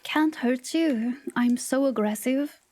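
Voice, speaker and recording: A woman's voice: high-pitched, slow pace, darkish tone. A woman livestreamer chatting casually with her viewers, playful and teasing, sometimes dropping into whispered asides. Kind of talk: casual live-stream chat with viewers.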